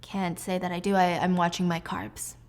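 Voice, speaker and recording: A woman's voice: on the low side, little pitch movement, normal speed, a little mellow, close to an everyday voice. A woman voicing an aloof, wealthy male company boss, speaking in a stiff, curt way.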